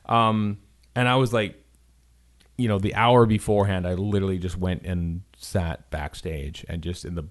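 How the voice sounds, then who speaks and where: Canadian man, fairly low voice, animated podcast storyteller, casual and filler-heavy. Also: moderate pace. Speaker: podcast co-host.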